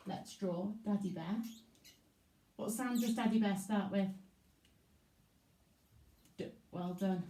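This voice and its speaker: A woman teaching young children a recorded literacy lesson in a slow, encouraging way. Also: medium pitch, mellow. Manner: slow, encouraging and sing-song. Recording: echoey room, voice from far off.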